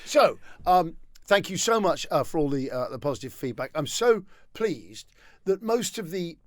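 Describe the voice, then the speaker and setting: A middle-aged man co-hosting a podcast in casual chat, rambling and joking, quick to riff. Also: a little high, sing-song, dry recording. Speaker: podcast co-host.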